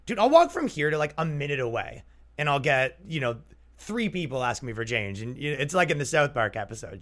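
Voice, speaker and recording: A man's voice: medium pitch, expressive, normal speed, pushed and bright. A young man hosting a comedy podcast, chatting loosely and jokingly, slipping into exaggerated mock voices. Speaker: podcast host. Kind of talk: casual comedic podcast riffing.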